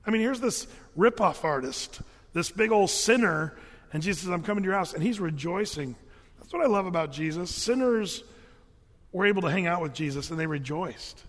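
A man with a high voice preaches a sermon, retelling Bible stories with animated, folksy asides. His voice rings out with a long hall reverb. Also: moderate pace. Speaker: pastor.

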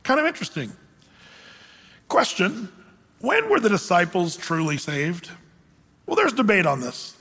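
A man's voice: high-pitched, huge pitch swings, measured pace, long pauses, bright, forceful tone, slightly rough, big-room sound. A male pastor teaching a sermon verse by verse, talking conversationally, asking his congregation questions and reading scripture aloud.

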